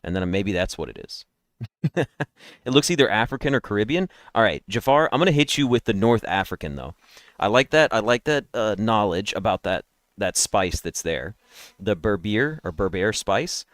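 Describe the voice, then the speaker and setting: A man's voice: fairly low pitch, animated, normal speed, fairly bright tone, no room sound, clean studio sound. A man streaming daily guessing games, chatting and rambling nonstop to his viewers through a headset mic while yawning. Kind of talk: casual live-stream chat.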